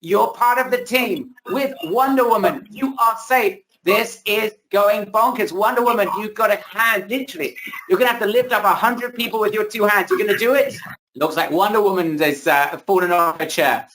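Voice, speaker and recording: A man hosting a live webinar, pitching energetically and repeating himself, losing his voice a little. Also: moderate pace, sharp tone, a little hiss or hum, poor audio. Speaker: webinar host. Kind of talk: hyped live sales pitch. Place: home, indoors.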